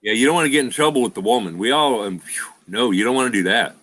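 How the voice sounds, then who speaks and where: A middle-aged man with a bright, forceful voice hosts a home livestream. He rambles through road stories, peppers his talk with "freaking" and laughs often. The delivery is loose and chatty. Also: mid-range voice, expressive, fast, no room sound. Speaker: livestream host. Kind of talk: casual chat and storytelling.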